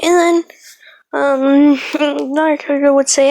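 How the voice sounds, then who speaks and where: A woman makes up a fan story on the spot, rambling and hesitating with frequent fillers. Her voice is high but flat in melody, with a gravelly fry, recorded dry and close. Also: slow pace, rough recording. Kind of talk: improvised fan story narration.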